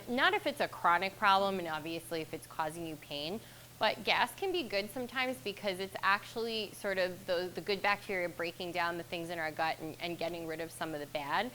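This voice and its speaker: A woman dietitian giving a relaxed, chatty nutrition talk to a fitness class. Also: mid-range voice, a little hiss or hum, low-quality recording. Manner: chatty, relaxed, laughs at herself.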